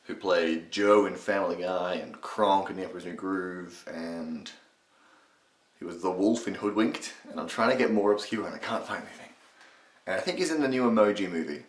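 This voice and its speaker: In a low, deep voice, a young channel host gives a casual tutorial on doing impressions. He rambles, swears and restarts his sentences, and his room has a noticeable echo.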